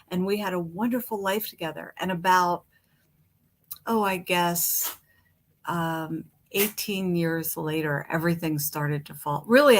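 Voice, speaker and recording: Candid, lively middle-aged woman storyteller. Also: on the low side, a little hiss or hum. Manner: candid, animated storytelling with acted quotes. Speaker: guest speaker. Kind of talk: personal recovery story. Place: home.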